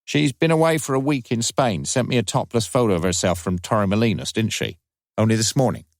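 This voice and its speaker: A man's voice: on the low side, fairly quick, creaky, no echo, clean studio sound. A man voicing a coarse, defensive working-class young woman who speaks in a common way. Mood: brash. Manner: common-sounding, defensive, cheeky.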